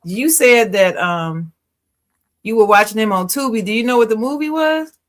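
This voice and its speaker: A woman's voice: a little high, expressive, moderate pace. Woman, podcast co-host, casual and opinionated, chatty with easy laughs. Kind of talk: casual chat.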